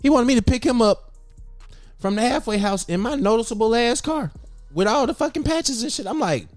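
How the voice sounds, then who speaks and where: A man's voice: very high-pitched, animated, brisk, no room sound, soft background music. A man co-hosting a casual podcast chat, talking bluntly and riffing in a joking, profane way. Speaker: podcast co-host.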